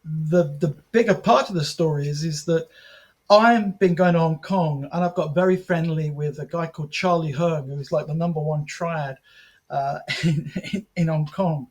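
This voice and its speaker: A man as a podcast guest, telling animated anecdotes, acting out quoted dialogue with frequent restarts. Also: on the high side, moderate pace. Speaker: podcast guest, martial arts film promoter and author. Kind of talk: casual podcast storytelling.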